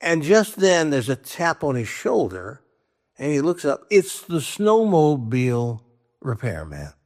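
A man's voice: a little high, sing-song, unhurried. Rambling man telling a shaggy-dog joke. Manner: rambling, with restarts and quoted voices. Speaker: joke teller.

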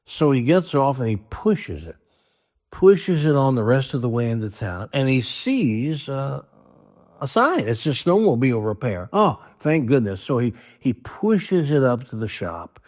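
A man's voice: mid-range voice, big pitch swings, a little slow, a little mellow. A man telling a long joke in a loose, rambling way, restarting his sentences and voicing his characters as he goes. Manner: rambling, with restarts and quoted voices. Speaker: joke teller.

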